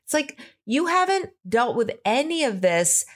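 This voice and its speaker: Casting note: woman podcast co-host, very lively pitch, playful recaps. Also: unhurried. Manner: playful, acts out quoted voices. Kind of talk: casual chat.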